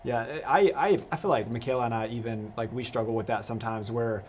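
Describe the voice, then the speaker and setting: A man's voice: medium pitch, fairly quick, darkish tone, a little hiss or hum. A young man hosting a live youth discussion, casual and rambling, with many restarts. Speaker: youth pastor host.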